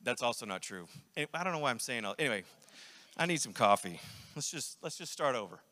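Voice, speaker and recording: A man's voice: medium pitch, very animated, quick pace, bright, forceful tone. A young man, preaching a sermon in a conversational, self-deprecating way with rambling asides. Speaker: pastor. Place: church sanctuary. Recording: long reverb of a church hall.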